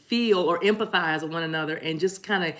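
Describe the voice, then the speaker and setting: Woman tarot reader with a lowish voice, casual live-stream host, laughs easily and rambles, chatty. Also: fairly quick. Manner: chatty, laughs often, warm "y'all" asides; rambling with restarts and apologies.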